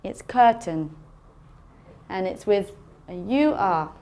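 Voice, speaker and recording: A woman teaching an English phonics lesson, sounding out words slowly and carefully for learners. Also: medium pitch, lively intonation, mellow. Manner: slow, careful enunciation of sounds.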